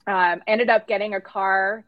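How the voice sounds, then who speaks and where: A woman's voice: mid-range voice, steady tone, unhurried, no echo, dull audio. Middle-aged lady podcast guest, candid storyteller, dry close sound. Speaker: podcast guest, agency founder. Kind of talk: casual interview storytelling.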